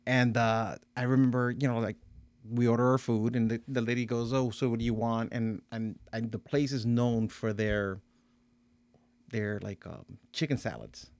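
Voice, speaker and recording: A man's voice: mid-range voice, moderate pace. A man telling a funny story in a casual podcast chat, acting out the dialogue with slang. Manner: animated, acts out dialogue, slangy.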